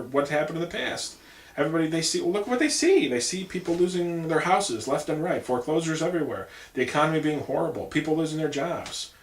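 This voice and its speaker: A man giving a casual political monologue as a campaign vlogger, rambling with many asides. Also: mid-range voice. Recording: echoey room.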